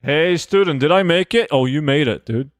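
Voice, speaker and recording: A man's voice: a little high, normal speed, dry recording, studio quality. A young man streaming a game, chatting casually with viewers and reading their chat messages in a loose, profane, rambling way.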